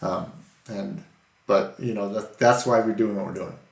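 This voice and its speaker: An earnest man co-hosting a casual faith-based podcast, telling stories from his own life with a gravelly edge to his voice. He sounds like he is in an echoey room. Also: fairly low pitch, moderate pace. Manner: earnest storytelling, animated when quoting. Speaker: podcast co-host.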